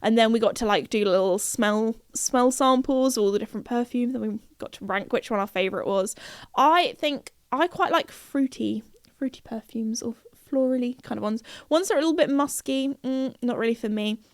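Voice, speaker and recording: A young British woman tells a holiday story on her podcast in a rambling, giggly way. Her voice sits fairly high and comes across smooth and clear. The sound is dry and close, with no room around it. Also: normal speed, no room sound. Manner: chatty, giggly, full of fillers and restarts. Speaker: podcast host. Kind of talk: casual chat.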